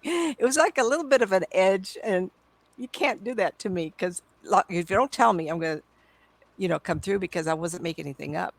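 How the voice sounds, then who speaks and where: A woman in her seventies, a psychic medium, telling stories to an audience in an excitable, chatty way with frequent laughs. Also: medium pitch, fairly quick, creaky, no room sound. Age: 70s. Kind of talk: storytelling talk to an audience.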